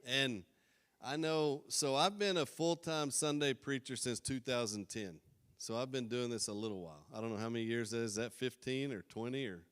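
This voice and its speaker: A man's voice: medium pitch, moderate pace, fairly bright tone, smooth, big-room sound. A middle-aged man preaching a sermon as a pastor, earnest and rambling, joking at his own expense. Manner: earnest, rambling, self-deprecating. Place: church sanctuary.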